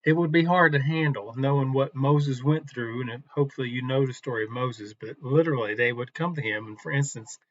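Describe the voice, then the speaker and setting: A man teaching from the Bible in a relaxed, conversational devotional talk, unhurried and with some restarts. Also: medium pitch, lo-fi sound.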